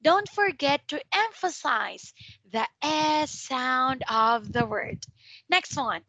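Bright, slow-paced woman teaching English. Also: high-pitched, lively intonation. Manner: patient, drills pronunciation with slow repetitions. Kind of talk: online one-to-one tutoring. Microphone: video call.

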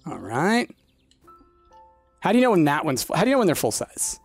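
Lively playful man gaming. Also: a little high, fairly quick, vocal fry, breathy edge, faint music behind. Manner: chatty, laughs often, playful. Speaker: gaming video host. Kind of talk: casual gameplay chat.

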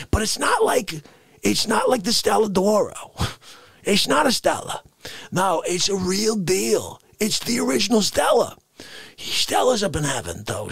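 A man's voice: sits high, gravelly, a bit bright, slightly rough, no room sound. A man doing an unscripted comedic rant. He rambles in mock outrage and laughs between lines. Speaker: live-stream comedian.

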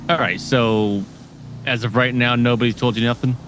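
A man's voice: mid-range voice, fairly even intonation, moderate pace, noisy background. A man playing a deputy on a role-play phone call, casual and direct. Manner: casual, direct, offering deals.

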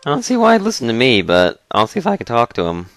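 A man's voice: mid-range voice, wildly swooping pitch, fast talker, no room sound, faint music behind. A man giving joking, sarcastic commentary over a video game, with his voice cracking. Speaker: let's play commentator. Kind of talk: jokey gameplay commentary.

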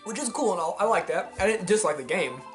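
A man's voice: high voice, animated, fast talker, over music. A young man from Georgia in the US, rambling casually and profanely as he comments on a game he is playing, on a headset mic. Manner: rambling, profane, many fillers. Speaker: let's play host.

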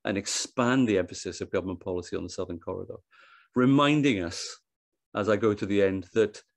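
A fairly low-voiced man gives a presentation talk at an online event, moving briskly through his slides with vocal fry. He thinks out loud, restarting phrases and repeating words, and the sound is close and dry, almost echo-free.

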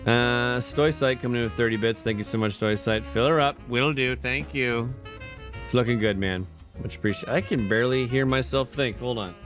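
A man rattles off thanks to his viewers in a loose, chatty live-stream voice, worn out yet cheerful and quick to laugh. His pitch sits in an ordinary middle range for a man. Faint music plays low behind him. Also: fairly bright tone. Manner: chatty and upbeat, laughs often. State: tired. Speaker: livestreamer. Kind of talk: casual live-stream chat, thanking subscribers. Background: faint background music.

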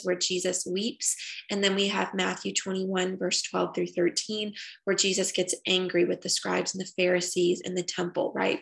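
A woman's voice: medium pitch, vocal fry, fairly bright tone. A young woman giving an earnest catechetical talk to parents, teaching and telling stories. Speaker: parish religious education speaker.

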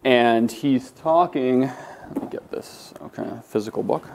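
A man's voice: medium pitch, unhurried, creaky, a little mellow, slight background noise. A man teaching a Greek class, lecturing in a conversational way with many fillers and restarts. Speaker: Greek instructor.

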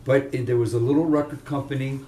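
A man's voice: medium pitch, steady tone, fast, mellow, a little hiss or hum. Older man telling stories from afar. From Chester, Pennsylvania area. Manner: rambling, anecdotal, with restarts. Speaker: veteran rock guitarist interviewee. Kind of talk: casual storytelling interview. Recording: roomy room, distant mic, faint ambience.

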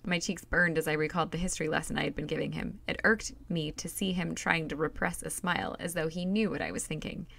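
Woman reading a novel, low and gravelly. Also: steady tone, quick pace, few pauses, fairly bright tone. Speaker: reader.

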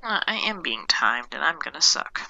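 Woman swearing through gameplay commentary, gravelly. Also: low-pitched, sing-song, normal speed, bright, forceful tone, dry recording, lo-fi sound, soft background music. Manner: swears a lot, exasperated, laughing at herself. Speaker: gameplay streamer.

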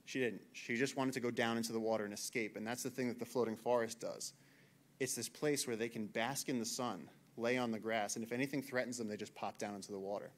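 Animated man telling a jungle story. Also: mid-range voice, fast. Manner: animated, acts out shouted quotes. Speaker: naturalist giving a talk. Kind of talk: storytelling talk to an audience. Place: lecture hall, in front of audience.

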